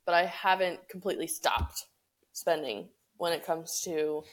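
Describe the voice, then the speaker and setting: A woman's voice: low voice, measured pace. A young woman co-hosting a podcast, chatting casually with lots of "like" fillers and easy laughs. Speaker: podcast co-host. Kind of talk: casual chat.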